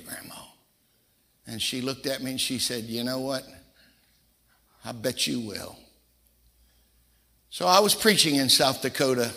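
Gravelly older man preaching in a hall. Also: mid-range voice, pushed and bright. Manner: folksy storyteller, acts out quoted voices. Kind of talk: sermon storytelling. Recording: reverberant hall.

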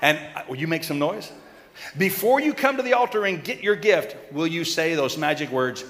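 A man giving a lively children's sermon, coaxing and calling out to the kids in a church. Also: on the high side, moderate pace. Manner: animated, coaxing, calls out to the kids. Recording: long reverb in a large hall, faint crowd.

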